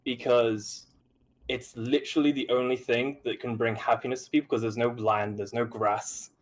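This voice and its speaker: A young man with a British accent, pitching a game design idea with earnest enthusiasm. He rambles and leans on fillers as he builds his thoughts. His voice sits at a medium pitch. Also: fairly even intonation, moderate pace, poor audio. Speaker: game dev student pitching a game. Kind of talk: mock investor pitch on a stream.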